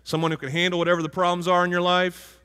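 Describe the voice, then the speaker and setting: A man's voice: high voice, flat delivery, quick pace, bright, forceful tone, smooth. A male pastor giving a conversational sermon and asking the congregation questions. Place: church sanctuary. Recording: hall reverb from a church.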